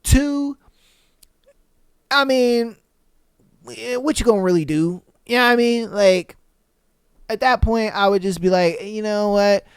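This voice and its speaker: A man hosting a podcast, reading posts aloud and reacting bluntly in slangy talk with loud exclamations. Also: high-pitched, measured pace, long pauses, clean tone, dry recording, clean studio sound. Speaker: podcast host.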